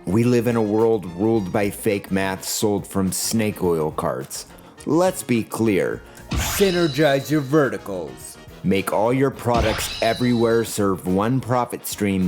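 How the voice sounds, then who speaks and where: Sarcastic guy doing a video essay voiceover, jokey, some music under it. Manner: sardonic and jokey, with swings in pitch. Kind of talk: scripted video essay narration.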